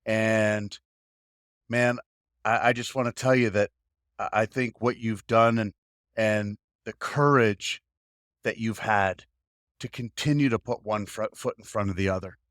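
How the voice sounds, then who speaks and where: A man's voice: lowish voice, fairly even intonation, a little slow, no room sound, studio quality. A man hosting a podcast, talking in an encouraging, emphatic way to his guest. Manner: warm encouraging, emphatic praise. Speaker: podcast host. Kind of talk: casual podcast talk.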